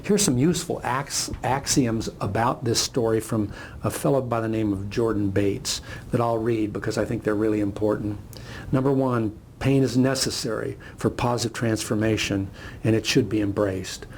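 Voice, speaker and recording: A man's voice: on the low side, moderate pace, a little mellow, a little hiss or hum. An older man giving a reflective motivational talk, telling a parable as a story. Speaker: speaker.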